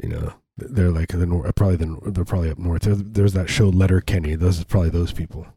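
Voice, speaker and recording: A man rambling through a joking, casual chat. His voice is low, mellow and a little husky. The sound is dry and close. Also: steady tone, fast, dry recording. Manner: rambling, jokey, slips into silly put-on voices.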